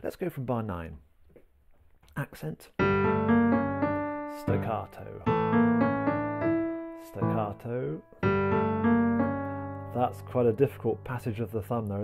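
A man teaching a piano piece step by step. He talks gently while he plays and counts the beats aloud. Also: medium pitch, creaky. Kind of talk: piano tutorial, talking while playing. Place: indoors at a piano. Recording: talk over loud piano playing.

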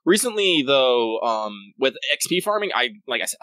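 Male podcast co-host, loose and profane, with a crisp, bright tone. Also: mid-range voice, very animated, moderate pace, no echo, low-quality recording. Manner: rambling, profane, self-interrupting. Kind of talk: casual chat.

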